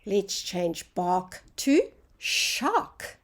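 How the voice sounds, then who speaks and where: A woman's voice: medium pitch, very animated, drawn-out words. A woman teaching a phonics lesson to young children, drawing out each sound in a sing-song teacher voice.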